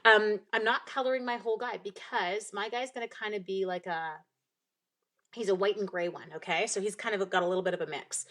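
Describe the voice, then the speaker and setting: Her mid-range voice is a bit bright and fairly even in intonation, and she talks a little fast. A young woman from Canada, she chats casually on a live craft stream while making cards, rambling, reading viewer comments out loud, and coughing in repeated bouts.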